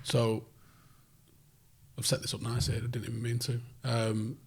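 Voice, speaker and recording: A man's voice: medium pitch, monotone, normal speed, vocal fry, breathy edge. A man hosting a podcast interview, asking playful prompting questions. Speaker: podcast host. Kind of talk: casual interview.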